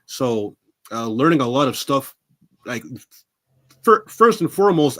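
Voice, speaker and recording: A man from New York City, a wrestler guest, telling stories in a casual interview, animated, acting out the voices he quotes and laughing often. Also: medium pitch, unhurried, pauses often.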